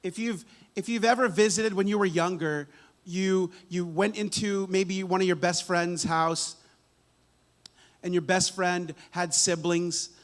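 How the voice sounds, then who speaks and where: A man's voice: high-pitched, steady tone, measured pace. A man preaching a church sermon in a casual, conversational way, often restarting words and checking in with "right?". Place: church sanctuary.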